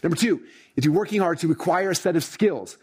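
A middle-aged man giving a motivational training talk to a live audience, energetic and peppered with "right?" and "like". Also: on the high side, fast talker, husky. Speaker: success coach.

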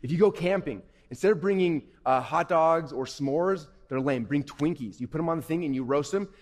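A man's voice: on the high side, moderate pace, a little mellow. A man giving an interactive, upbeat talk to a youth audience, checking in with the room every few sentences. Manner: upbeat, keeps checking in with "okay?". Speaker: workshop presenter. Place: event hall. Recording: echoey hall.

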